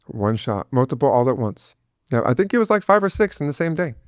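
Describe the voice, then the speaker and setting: An earnest middle-aged man talks about his son, emotion close to the surface, stumbling over his words and repeating himself. His voice sits in an ordinary middle pitch. The recording is dry and close, with little room sound. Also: very animated, a little fast, no echo. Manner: earnest, intense, many restarts and fillers. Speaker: guest, father of an autistic son. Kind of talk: emotional personal interview.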